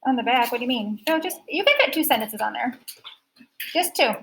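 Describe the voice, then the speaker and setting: A woman teaching a phonics lesson to a class, sounding out word parts slowly and carefully. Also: on the high side, expressive, a bit bright, a little hiss or hum, poor audio.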